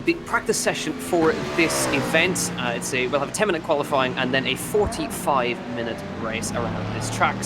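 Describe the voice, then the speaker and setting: A man's voice: mid-range voice, very noisy. A man with an Irish accent doing live commentary on a sim racing event, chatty with frequent fillers and self-corrections.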